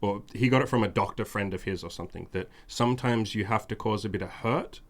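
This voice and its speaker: A man's voice: lowish voice, a little fast. A man hosting a podcast in casual chat, speaking bluntly with profanity and emphatic repetition. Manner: mimics whiny demands in a raised voice. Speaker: podcast host.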